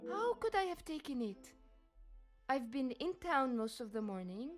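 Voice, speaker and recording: An actress playing an anxious young maid who pleads and defends herself, in a game. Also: female voice, high-pitched, sing-song, measured pace, faint music behind. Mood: defensive.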